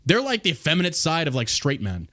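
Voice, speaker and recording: A man's voice: fairly high pitch, huge pitch swings, fast, bright, forceful tone. A man hosting a podcast, ranting in a profane, combative way. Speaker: podcast host. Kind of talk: casual podcast rant.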